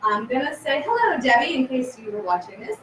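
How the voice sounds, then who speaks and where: A woman's voice: high voice, very animated, fairly quick, slight background noise. A woman co-owning a haunted house, chatting casually on a live stream, laughing easily. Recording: echoey room, far from mic.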